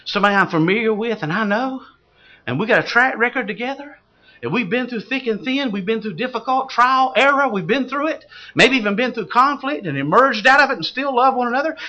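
A man's voice: extremely high pitch, expressive, brisk, sharp tone, lo-fi sound. A man preaching a sermon as pastor. He questions the congregation and builds to fervent exclamations.

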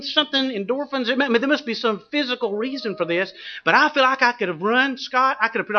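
Animated high-voiced preacher man. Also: dull audio. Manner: animated, humorous storytelling that builds to shouted exhortation. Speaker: pastor. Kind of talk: sermon with personal anecdotes.

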